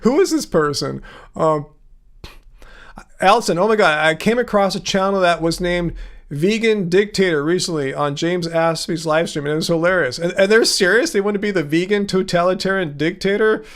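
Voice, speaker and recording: A man's voice: sits high, moderate pace, fairly bright tone. A middle-aged man hosting a casual livestream, reading out viewer comments and answering them in a joking, teasing way. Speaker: livestream host.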